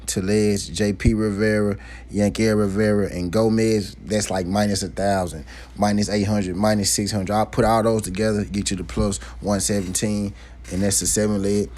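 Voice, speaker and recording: Laid-back low-voiced man. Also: a little mellow. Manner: laid-back, conversational, sprinkles "you know" and "right?". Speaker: boxing betting picks host. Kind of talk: casual picks commentary.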